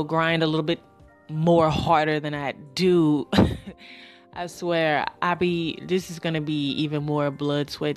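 A woman talks to her listeners in a slow, unhurried drawl, her voice sitting on the lower side. She rambles loosely in slang, pausing and sighing as she goes. Faint music plays softly behind her. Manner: rambling, slangy, with sighs and pauses. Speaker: podcast host. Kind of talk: casual solo podcast monologue.

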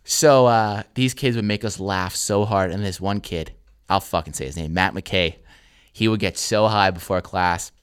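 A man's voice: low voice, normal speed, smooth. A man co-hosting a podcast, telling a story casually with plenty of swearing and filler words. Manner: laid-back, heavy swearing, lots of "like". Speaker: podcast co-host.

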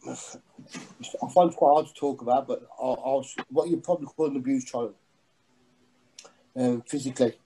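A middle-aged man giving a personal testimony in a halting, earnest way, full of restarts. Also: mid-range voice, mellow, low-quality recording. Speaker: guest sharing testimony.

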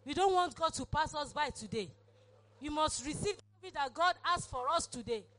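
A woman's voice: high-pitched, animated, brisk, a bit bright. A woman pastor, preaching a sermon and leading an altar call with fervent, repeated exhortations. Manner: fervent, repetitive exhortation, acted prayers.

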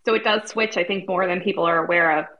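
A woman's voice: lowish voice, steady tone, fast talker, fairly bright tone, muffled recording. A woman co-hosting a podcast, chatting in a friendly, conversational way over a video call. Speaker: podcast co-host. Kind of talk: casual discussion.

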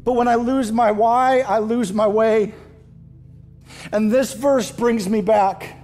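A male pastor preaching a sermon to his church, impassioned and rising loud at emotional peaks. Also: sits high, steady tone, slow pace, soft background music. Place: church stage.

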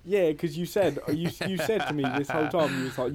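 Young man, mellow and warm voice, rambling, sweary, casual podcast chat. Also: fairly high pitch, a little fast, husky. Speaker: podcast co-host.

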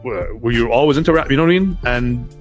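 A man's voice: mid-range voice, fast, faint music behind. A man being interviewed on a podcast, telling stories in a loose, chatty way and acting out what others said. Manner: animated storyteller, acts out quoted voices. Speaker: podcast guest. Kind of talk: casual interview storytelling.

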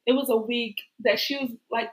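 Young woman, high voice, chatty host, echoey room. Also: fairly quick. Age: young adult. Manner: chatty, laughs often, animated storytelling. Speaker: podcast host. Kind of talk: casual interview.

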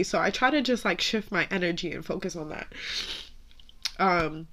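A young American woman host speaks in a somewhat low voice, candid and emotional. She talks openly, swears now and then, and holds back tears as she tells her story. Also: animated, normal speed, pauses often, a bit bright. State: tearful. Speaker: podcast host.

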